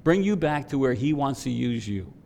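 A man preaching a sermon, swelling to loud emphatic peaks and dropping to quiet asides. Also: mid-range voice, big pitch swings, moderate pace, creaky, a little hiss or hum. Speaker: pastor.

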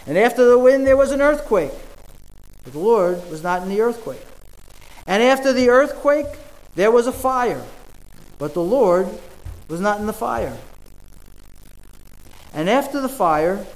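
Earnest, high-voiced male preacher. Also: poor audio. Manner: earnest, pauses with fillers. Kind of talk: sermon.

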